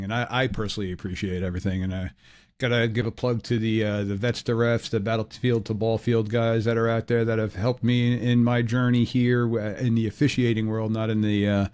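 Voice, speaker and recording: A man's voice: on the low side, a little mellow. A man who referees, hosting a casual podcast in a loose, joking way with lots of fillers. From northern United States.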